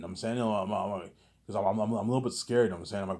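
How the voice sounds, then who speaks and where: A man with a fairly low voice tells a long, rambling story in a casual monologue. He stumbles over repeated words and keeps tagging his sentences with filler questions. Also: fast talker, a little mellow. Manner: stammering repetitions, constant filler tags.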